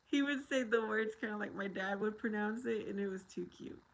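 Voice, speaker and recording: A woman's voice: medium pitch, moderate pace, rough recording. An American woman hosting a casual livestream, rambling and chatty as she talks with viewers and laughs often. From United States.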